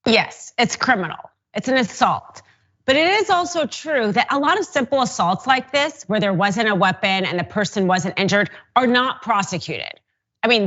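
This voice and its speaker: A woman attorney co-hosting a commentary show, giving measured legal explanation. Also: mid-range voice, a bit bright, muffled recording. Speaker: attorney co-host.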